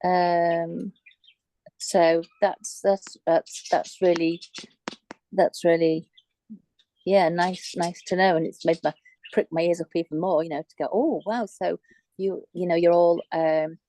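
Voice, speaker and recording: A woman sharing on a group video call, talking haltingly with many restarts and fillers. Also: fairly low pitch, level tone, warm tone, slight background noise, poor audio. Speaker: call participant.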